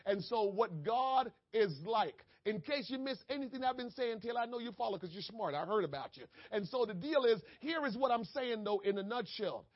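Pastor, male, very high voice; sermon delivery that swings from hushed to shouting, muffled lo-fi sound. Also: expressive, normal speed, few pauses. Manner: preaching with big swings from soft asides to shouting.

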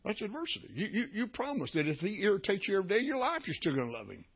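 A man's voice: high-pitched, wildly swooping pitch, very fast, breathy edge. An older man, a pastor preaching a sermon through folksy, repetitive storytelling. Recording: dull lo-fi recording.

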